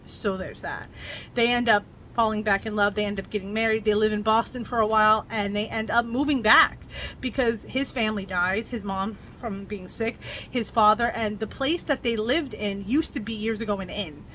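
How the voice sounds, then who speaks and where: A woman's voice: mid-range voice, normal speed, fairly bright tone, a little hiss or hum. A woman talking through a novel's plot in a casual book review vlog, earnest and emotional as she retells it.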